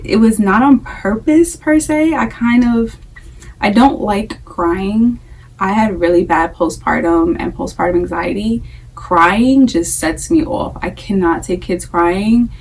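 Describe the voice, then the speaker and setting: Chatty young mom, a bit off-mic. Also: female voice, mid-range voice, a little mellow, distant mic, poor audio. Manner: chatty, candid, repeats herself for emphasis. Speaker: vlogger, breastfeeding mom. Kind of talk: casual chat to camera.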